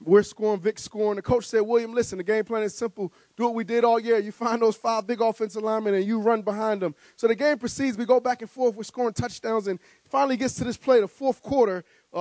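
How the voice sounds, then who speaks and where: A man from New Jersey, a guest speaker telling an animated story with vivid details and stammering repeats. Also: high-pitched, no echo. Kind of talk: storytelling speech.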